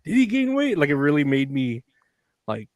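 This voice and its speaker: A man's voice: a little high, sing-song, moderate pace, a little mellow, no room sound, studio quality. A young man co-hosting a casual podcast, rambling and filling his talk with "like" while laughing easily. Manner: rambling, lots of filler likes, laughs easily. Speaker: podcast co-host. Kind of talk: casual chat.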